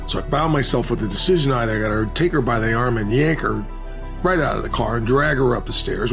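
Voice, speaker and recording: A man recounting a personal story in an earnest, halting way, with frequent restarts. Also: medium pitch, vocal fry.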